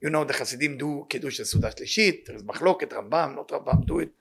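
A man giving an impassioned sermon and telling a story, repeating his key words and speaking loose, halting English. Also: on the high side, expressive, creaky, fairly bright tone, husky. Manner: loose, halting non-native English grammar. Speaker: rabbi giving weekly inspiration.

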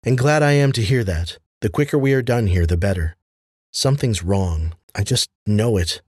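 A man's voice: on the low side, lively intonation, moderate pace, a little mellow, husky, no echo, clean studio sound. A man doing a sneering, scarred woman soldier. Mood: tense. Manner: sneering, clipped, suspicious.

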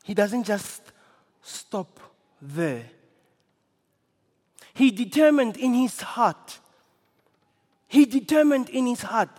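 A man preaching a sermon with impassioned delivery, building to shouts and repeating phrases for effect. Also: high voice, big pitch swings, takes it slowly, pauses often. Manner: impassioned, rising to shouts, dramatic repetition. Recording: long reverb of a large hall.

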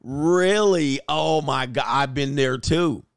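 A man's voice: a little high, slow, gravelly, no echo, clean studio sound. A man putting on the voice of a sweetly scheming woman who is fishing for details, fake-friendly and prying.

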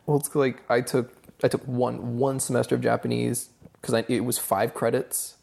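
A man's voice: medium pitch, little pitch movement, normal speed, gravelly, a little mellow, a little hiss or hum. A young man co-hosting a podcast, chatting casually and joking with a co-worker. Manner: laid-back, joking, swears freely. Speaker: podcast co-host. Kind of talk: casual chat.

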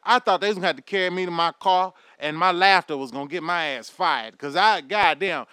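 A man delivering a loud, profane, animated rant to his audience. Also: sits high, a little fast, clean tone, dry recording. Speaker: commentary vlogger.

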